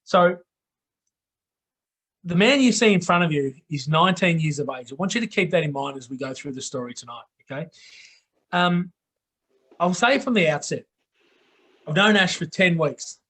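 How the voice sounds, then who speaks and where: A man's voice: on the high side, animated, moderate pace, long pauses, a bit bright. A middle-aged Australian man hosting a live online talk show in a blokey, down-to-earth way, often checking in with "okay?". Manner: blokey, repeats "okay?" for emphasis. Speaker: host.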